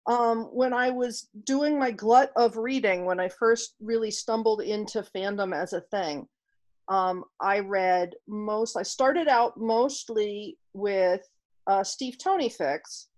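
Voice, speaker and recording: A woman guest author in a casual interview, speaking thoughtfully and haltingly as she searches for words. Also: medium pitch, a little mellow.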